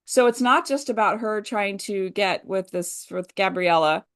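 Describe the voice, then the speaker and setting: A woman's voice: mid-range voice, a little slow, a bit bright, clear, resonant tone. A woman co-hosting a podcast, chatting enthusiastically with lots of fillers. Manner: chatty, enthusiastic, many "you know" and "like" fillers. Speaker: podcast co-host. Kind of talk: casual chat.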